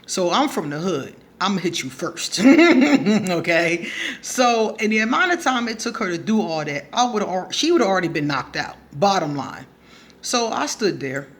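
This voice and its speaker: With big pitch swings in a mid-range voice at normal speed, a woman vlogger responds to a subscriber's question. She tells her story casually, bluntly and profanely, laughing frequently.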